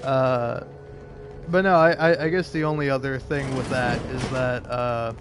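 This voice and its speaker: A man's voice: medium pitch, fairly even intonation, unhurried, over music. A young man casually telling a rambling story while playing a game, often restarting his sentences, laughing and swearing. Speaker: gaming video creator.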